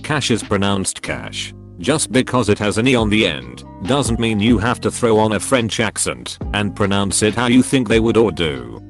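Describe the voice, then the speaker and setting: A man's voice: fairly low pitch, expressive, normal speed, hardly any pauses, faint music behind. A man narrating a string of short online posts in a scripted, matter-of-fact reading style.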